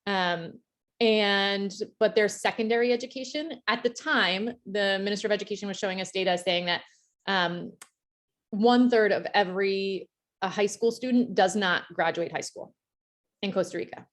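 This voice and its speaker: A woman's voice: medium pitch, moderate pace. A middle-aged woman teacher from the United States presenting a conference workshop, candid and reflective, with frequent fillers and restarts.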